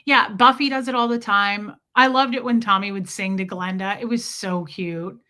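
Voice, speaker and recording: A woman hosting a casual livestream, chatty and animated, answering viewers by name. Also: mid-range voice, moderate pace. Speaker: livestream host reading chat.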